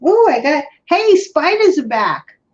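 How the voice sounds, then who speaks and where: A woman with a New York accent co-hosts a livestream, chatting casually with friends over lo-fi audio. Her high voice swings widely in pitch while her pace stays measured.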